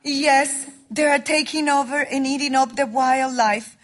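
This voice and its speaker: A woman's voice: high-pitched, fairly even intonation, measured pace. Woman playing matter-of-fact friendly local. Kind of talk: comedy drama acting.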